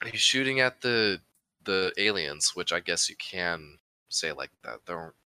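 A man's voice: sits low, expressive, a little slow, sharp tone, smooth, no room sound. A young man co-hosting a podcast, chatting casually with loose, rambling opinions and plenty of swearing. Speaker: podcast co-host. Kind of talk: casual chat.

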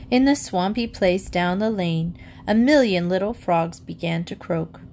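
A woman reading a children's book aloud, with lively storytelling. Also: measured pace, a little hiss or hum. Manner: lively storytelling, raises pitch for the girl's lines. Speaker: reader.

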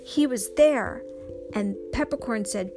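A woman with a slightly high voice tells an improvised children's story at an unhurried pace. She is expressive and acts out booms and gasps as she goes. Clear music plays behind her throughout. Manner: slow and expressive, with sound effects and gasps.

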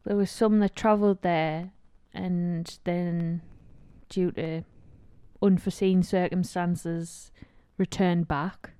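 A woman's voice: lowish voice, steady tone, slow, mellow, clear, resonant tone, no echo. A woman from northeast England with a northeast English accent, co-hosting a podcast in casual chat, dry and teasing. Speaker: podcast co-host.

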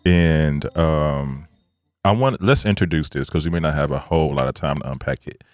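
A man hosting a casual podcast chat, talking in a relaxed, reflective way with many pauses and fillers. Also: extremely low pitch, soft background music. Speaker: podcast host.

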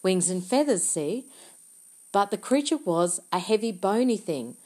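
A woman's voice: medium pitch, sing-song, measured pace, darkish tone. A woman reading an audiobook, voicing an earnest young girl who explains things with intense, insistent eagerness. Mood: earnest, eager. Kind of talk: audiobook character voice.

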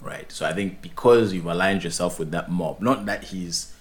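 A young man co-hosting a podcast, chatting in an animated, opinionated way with many restarts. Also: low-pitched, normal speed. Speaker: podcast co-host. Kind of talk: casual podcast chat.

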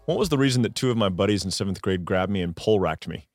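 A man's voice: low voice, expressive, fast talker, darkish tone, soft background music. A man in his forties co-hosting a casual chat and telling a school story. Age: 40s. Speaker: podcast co-host.

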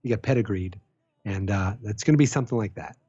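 A man's voice: fairly low pitch, fast, dark tone, husky. A man co-hosting a podcast in casual chat, teasing and joking and swearing freely. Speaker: podcast co-host. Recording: dull lo-fi sound.

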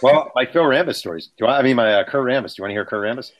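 A man's voice: mid-range voice, racing. A man, a book author, telling anecdotes in casual conversation and acting out the people he quotes. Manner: animated, acts out quotes. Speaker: author guest. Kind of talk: casual storytelling.

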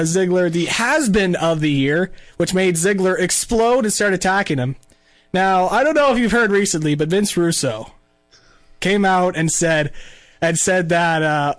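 A man with a notably high speaking voice co-hosts a casual podcast. He talks through events conversationally and laughs often. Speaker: podcast co-host. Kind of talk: casual chat.

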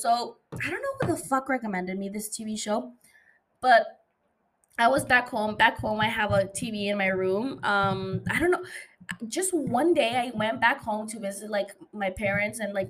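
A woman's voice: medium pitch, a bit bright. A young woman hosting a podcast on her own, chatting loosely and playfully, swearing freely and laughing between thoughts. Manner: loose, profane and playful, with frequent fillers and laughs. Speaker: podcast host. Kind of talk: casual solo podcast chat.

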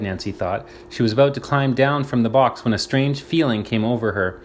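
A man reading a storybook aloud, slow and deliberate, pausing to explain words. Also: mid-range voice, a little hiss or hum. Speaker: reader.

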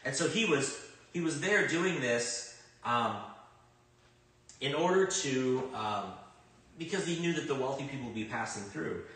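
A man preaching a sermon in a conversational way, swinging between loud emphatic bursts and quiet reflective stretches. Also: mid-range voice, lively intonation, a little slow, long pauses, recorded from a distance. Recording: very echoey room, speaker off-mic.

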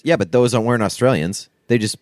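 A man co-hosting a podcast, joking in a deadpan way and swearing casually. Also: medium pitch, fast, dry recording, clean studio sound. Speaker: podcast co-host.

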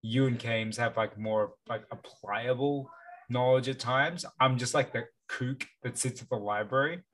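A man co-hosts a podcast in loose, casual chat, rambling with lots of "like" fillers and an occasional swear. His voice is medium-pitched, unhurried and a bit bright. The recording is low quality, with a little hiss or hum.

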